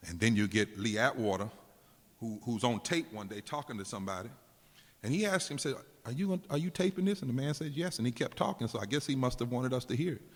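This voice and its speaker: Preaching man in an echoing hall. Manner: emphatic preaching cadence, dropping low and slow for weight. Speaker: preacher and activist speaker. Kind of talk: preached political speech. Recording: long hall reverb.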